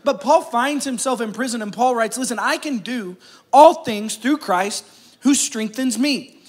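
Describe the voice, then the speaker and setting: In an unhurried, very high-pitched voice, a pastor preaches to his church during a service. He keeps it conversational, calling out to the crowd and cracking jokes.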